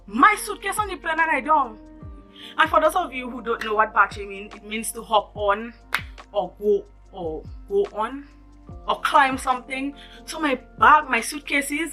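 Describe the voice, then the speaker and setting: A woman with a Caribbean English accent, telling a storytime vlog in an animated, emphatic way. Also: on the high side. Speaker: vlogger.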